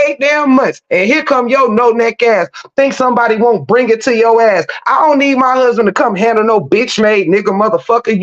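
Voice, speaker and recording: A woman's voice: on the high side, dull audio. A woman delivering a profane, combative rant as an online commentator, taunting and cursing nonstop.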